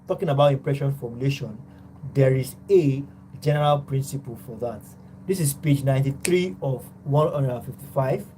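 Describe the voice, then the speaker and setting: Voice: mid-range voice, mellow, a little hiss or hum, low-quality recording. A tutor gives an online psychology class, explaining step by step and opening many points with "now".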